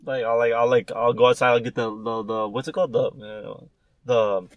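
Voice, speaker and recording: A man's voice: mid-range voice, little pitch movement, moderate pace, dull audio, a little hiss or hum. A young man in a profane casual chat, laughing often and acting out voices in his stories.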